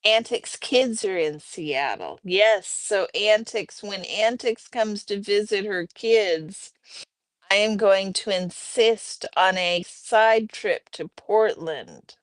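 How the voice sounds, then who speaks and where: Woman chatting slow on her home livestream, smooth clear voice, dry close mic. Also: mid-range voice, no echo. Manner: chatty, talks to chat viewers and her pets by name. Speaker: livestream host. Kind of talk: casual chat reading viewer comments.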